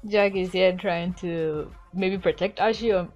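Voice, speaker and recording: A young adult woman casually reviewing a cartoon episode, excitable and gushing, acting out the characters' lines. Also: fairly low pitch, a little slow, dull audio, faint music behind. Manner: excitable, gushing, acts out quotes.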